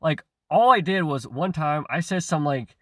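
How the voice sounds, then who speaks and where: A man's voice: on the high side, animated, moderate pace, no room sound, studio quality. A man delivering a rambling, profane rant, stammering and repeating himself, with chuckles between phrases. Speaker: online commentator. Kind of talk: ranting monologue.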